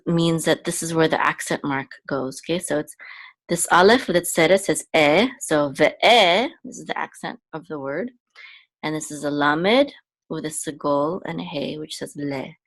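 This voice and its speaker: A woman teaching a language lesson. She sounds words out slowly and repeats them, checking in with "okay?" as she goes. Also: deep voice. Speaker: Hebrew teacher and podcast host. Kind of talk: slow, patient language lesson.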